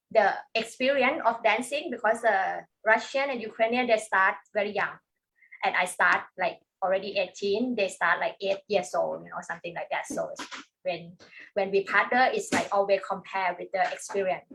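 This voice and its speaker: Guest dancer, woman from Thailand, gravelly and bright, halting delivery. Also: mid-range voice, low-quality recording. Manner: halting, with many fillers and restarts. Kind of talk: online panel talk.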